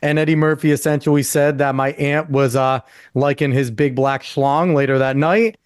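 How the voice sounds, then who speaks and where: A man's voice: mid-range voice, steady tone, normal speed, clear, resonant tone, no echo, studio quality. A man hosting a podcast, chatting casually and telling family stories loosely, laughing at his own anecdotes. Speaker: podcast host.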